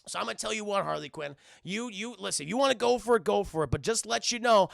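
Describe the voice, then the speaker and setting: A man's voice: sits high, lively intonation, quick pace, gravelly, a bit bright, no room sound, clean studio sound, heavily acted. A man voicing a bitter, brassy female villain trapped in a book, swearing as she talks.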